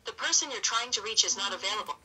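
A woman's voice: medium pitch, fast, far from the mic, poor audio. Woman's automated voicemail prompt. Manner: flat recorded prompts. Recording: thin speaker audio from a phone.

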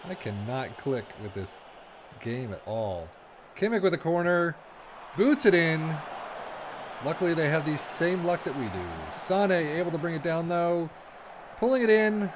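A young man giving casual, excitable commentary over a football management game, muttering asides and then yelping at near misses. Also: fairly high pitch, noisy background. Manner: excitable, swings from mumbling asides to sudden yelps. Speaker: gaming video creator.

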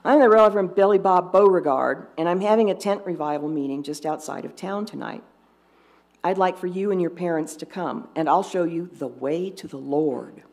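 A man's voice: high-pitched, normal speed, vocal fry, a little mellow. A woman doing a folksy revival preacher man.

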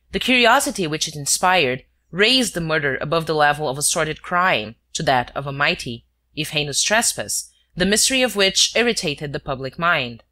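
Bright, measured audiobook narrator. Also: mid-range voice. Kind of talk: scripted narration of a detective novel.

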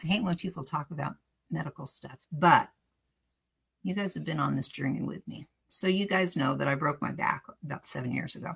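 A woman's voice: deep voice, brisk, vocal fry, fairly bright tone, slightly rough. A middle-aged woman hosting a crafting video, chatting in a rambling, storytelling way with frequent laughs. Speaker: crafting channel host. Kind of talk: casual chat while crafting.

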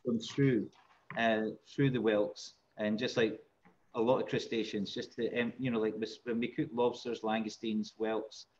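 A man who is a chef, moderating an online masterclass and relaying viewer questions in a relaxed, hesitant way. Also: fairly low pitch, measured pace, lo-fi sound. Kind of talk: casual chat on a video call. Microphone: video call.

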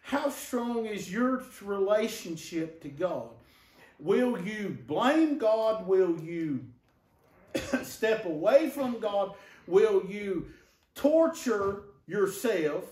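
High-voiced preacher in an echoing church. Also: male voice, animated, very slow, a little mellow, distant mic. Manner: rhetorical questions to the congregation. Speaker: pastor. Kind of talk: sermon. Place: church sanctuary.

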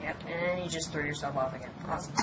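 A woman's voice: deep voice, fast. Playful young woman commenting on a game. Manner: playful, teasing, laughs often. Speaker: gameplay commentator. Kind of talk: let's play commentary. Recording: home recording with clear background noise.

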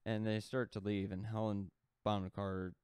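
A man's voice: on the low side, level tone, moderate pace, darkish tone, clean tone, dry recording, studio quality. A man co-hosting a podcast, casually retelling a story in a loose, rambling way full of "like" fillers. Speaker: podcast co-host.

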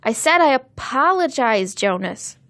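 A woman's voice: high voice, sing-song, a little slow, a bit bright, no echo, pitched above the performer's own voice, full character voice. A woman voicing an irritated, defensive boy of about twelve in a storybook reading. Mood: grudging. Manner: sulky and indignant.

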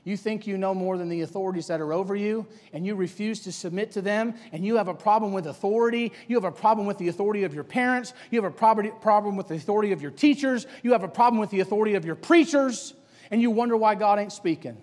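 A man's voice: high-pitched, quick pace, darkish tone, big-room sound. A male preacher delivering a sermon, hammering the congregation with rhetorical questions. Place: church sanctuary.

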